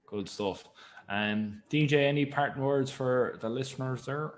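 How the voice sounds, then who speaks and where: A man hosting a podcast, wrapping up the episode in a relaxed, halting way. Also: mid-range voice. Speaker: podcast host. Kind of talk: casual podcast sign-off.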